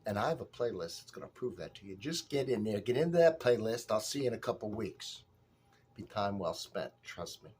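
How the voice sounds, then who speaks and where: A man's voice: on the low side, lively intonation, a little fast, a little mellow, slight background noise. A man hosting a coffee and alcohol review channel, chatty and upbeat as he plugs his playlist. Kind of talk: casual vlog intro.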